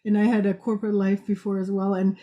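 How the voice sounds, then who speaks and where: A woman hosting a podcast interview, chatty and quick to laugh. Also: medium pitch, level tone, dull audio. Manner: warm, laughs often. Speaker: podcast host. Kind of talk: conversational interview.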